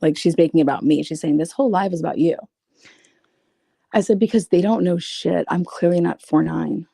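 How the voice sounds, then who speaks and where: A woman's voice: lowish voice, fairly quick, vocal fry, dark tone, breathy edge, no room sound, studio quality. A woman reading out private messages and commenting on them in a blunt, profane, sarcastic way. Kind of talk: casual commentary reading screenshots.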